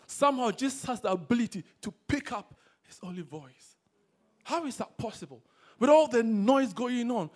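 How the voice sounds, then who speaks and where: A man preaching a sermon to a congregation, swinging between loud exhortation and quiet asides. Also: high voice. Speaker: pastor. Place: church service.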